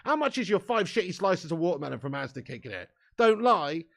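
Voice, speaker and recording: A man's voice: on the high side, very animated, a little fast, gravelly, a bit bright. A young English man hosting a live stream, chatting in sweary, laddish banter with his viewers and laughing often. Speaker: livestream host. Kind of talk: live watch-along chat.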